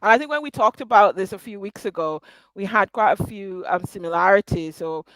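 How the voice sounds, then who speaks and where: Guy hosting, from nigeria, pretty high voice, soft trailing reflective talk. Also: brisk, no echo. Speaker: host. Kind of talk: casual interview chat.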